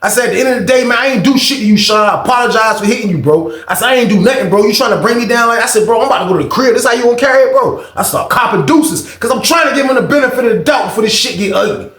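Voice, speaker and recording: This storytelling channel host has a very high voice and talks rapid-fire with few pauses, in an echoey room. He tells a storytime tale in casual slang loaded with profanity, animatedly acting out each person's lines in shifting voices.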